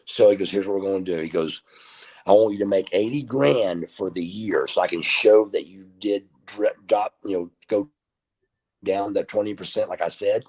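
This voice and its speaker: Speaking at a normal pace in a lowish voice, this middle-aged man is a wrestler guesting on an interview show. The talk is casual storytelling, and he animatedly performs the quoted dialogue as he goes.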